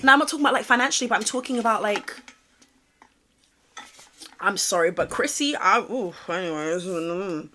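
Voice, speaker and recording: A woman's voice: medium pitch, normal speed, pauses often, bright, forceful tone. A woman giving gossip commentary as a vlogger, sassy and exasperated, reading posts aloud and reacting dramatically.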